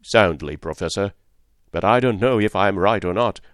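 A man's voice: low-pitched, normal speed, fairly bright tone, no echo, studio quality. A man voicing a blunt, hot-tempered male harpooner in an audiobook story. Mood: impatient. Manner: blunt, impatient.

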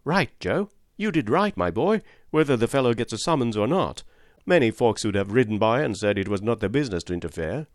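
A man's voice: mid-range voice, sing-song, fairly quick, dry recording, clean studio sound, natural voice. A man reading an audiobook and voicing a kindly head groom who speaks in a fatherly, approving manner.

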